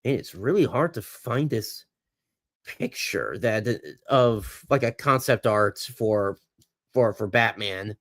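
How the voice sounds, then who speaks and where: A man's voice: fairly low pitch, lively intonation, takes it slowly, a bit bright, dry recording, clean studio sound. A man hosting a casual livestream chat, rambling and hesitant, with lots of ums and restarts and some laughing at himself. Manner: rambling, hesitant, full of fillers. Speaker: host.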